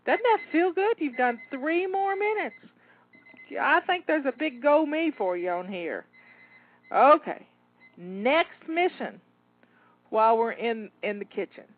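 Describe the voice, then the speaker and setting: A woman's voice: high voice, animated, measured pace. A woman, cheering listeners through a timed cleaning session, a little out of breath. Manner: upbeat, encouraging, talks listener through tasks. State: slightly out of breath. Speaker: home organizing coach. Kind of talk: live timed cleaning coaching. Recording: tinny phone-like line, dry.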